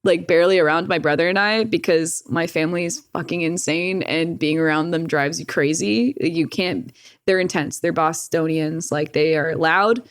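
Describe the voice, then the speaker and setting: A woman's voice: sits low, moderate pace, no echo, clean studio sound. A young woman, a podcast guest, telling a personal story in casual talk, swearing freely and laughing often.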